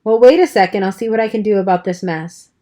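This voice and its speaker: A woman's voice: medium pitch, fast, mellow, close to an everyday voice. Cocky teen hoodlum, brash and offhand, voiced by a woman narrator. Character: tough cocky teenage boy hood, gruff.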